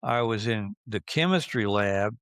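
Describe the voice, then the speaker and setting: A man in his seventies, reminiscing in a casual interview and speaking slowly, with many fillers and restarts. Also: fairly low pitch, lively intonation, fairly bright tone, no echo. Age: 70s. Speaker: interviewee recalling his youth.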